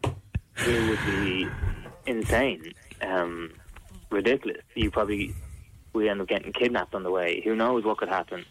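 A man's voice: on the low side, unhurried, long pauses, rough recording. A man, a guest on a radio show, talking in a laid-back, easy way. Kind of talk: casual radio chat.

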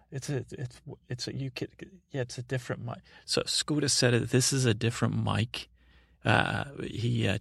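A man playing a sweet, slow, gentle man who rambles dully on a comedy podcast. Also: medium pitch, vocal fry, breathy edge, no room sound, clean studio sound. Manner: meandering, rambling and dull. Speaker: recurring comedy character. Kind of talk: improvised comedy podcast bit.

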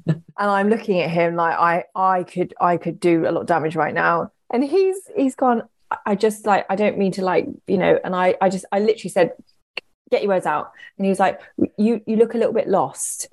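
A woman's voice: lowish voice, fairly quick. A young woman casually telling a story, chatty and swearing, acting out the voices she quotes.

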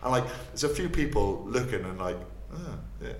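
A man co-hosting a podcast, chatting loosely and reacting with quick jokes. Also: fairly low pitch, lively intonation, slight background noise. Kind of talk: casual chat. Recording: echoey room.

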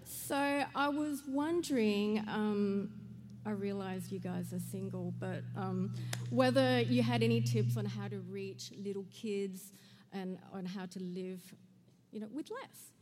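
A woman's voice: medium pitch, unhurried, darkish tone, a little hiss or hum. A woman, a mother asking the hosts a question from the audience, bashful and giggly. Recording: audience mic in a reverberant hall with faint crowd sound.

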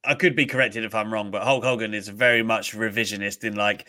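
A man's voice: on the low side, brisk, hardly any pauses. A man co-hosting a casual live-streamed talk show, chatting loosely and reading out names from the live chat. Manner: animated, breaks into mocking impressions. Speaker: podcast co-host.

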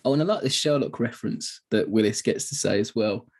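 A man's voice: on the low side, a little fast, slightly rough. A man co-hosting a film podcast, chatting casually, laughing often and acting out lines from the film. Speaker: podcast co-host. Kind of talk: casual film review chat.

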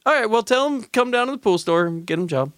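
A man co-hosts a comedy bit, acting clueless with real liveliness. His voice sits high and swings widely. The mic is dry and close. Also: expressive, quick pace, fairly bright tone, dry recording. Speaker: co-host. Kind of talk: improvised comedy chat.

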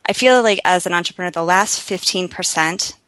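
Guest founder, woman, bright lower voice, dry close sound, animated storyteller. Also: brisk, no room sound, poor audio. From United States. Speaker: guest entrepreneur. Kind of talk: interview.

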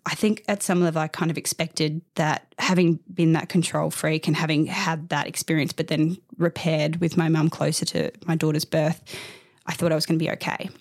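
Interview guest, woman, 30s: heartfelt, rambling storyteller with a gravelly edge, dry sound. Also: sits low, level tone, moderate pace, dry recording. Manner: open, heartfelt, rambling with restarts. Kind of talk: candid personal storytelling.

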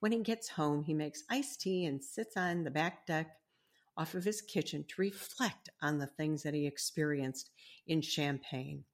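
A woman with a notably low-pitched voice reads aloud from her own book. She talks in a gentle, deliberate, teacherly way, like an author hosting her own podcast.

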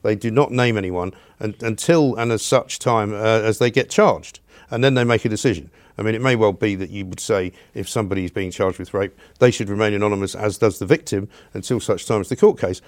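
A man's voice: fairly low pitch, dry recording, studio quality. A man from London hosting a radio podcast, blunt and opinionated in casual chat. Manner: blunt, opinionated, fast-talking. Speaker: radio host.

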